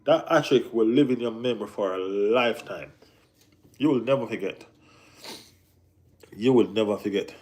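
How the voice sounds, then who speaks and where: A man hosting a casual live football chat, talking in an animated way with lots of slang and repeated phrases. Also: on the low side, normal speed, pauses often. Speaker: football channel host.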